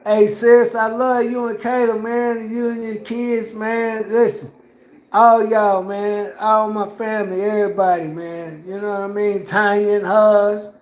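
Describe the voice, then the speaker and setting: A man talks casually on a livestream from home, rambling and repeating himself with plenty of slang. His voice sits high for a man and he takes his time with each phrase. The sound bounces around an echoey room. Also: flat delivery, measured pace. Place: at home indoors.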